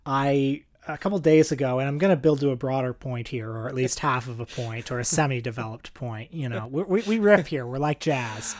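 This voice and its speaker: A man's voice: medium pitch, a little fast, hardly any pauses. A man co-hosting a podcast, telling stories in a wry, self-mocking, rambling way. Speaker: podcast co-host. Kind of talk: casual podcast chat.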